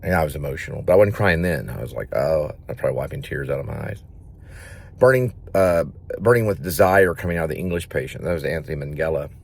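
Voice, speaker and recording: An actor who vlogs tells rambling stories straight to the camera, repeating himself as he goes. His voice is a bass, animated and quick, with vocal fry and a husky edge.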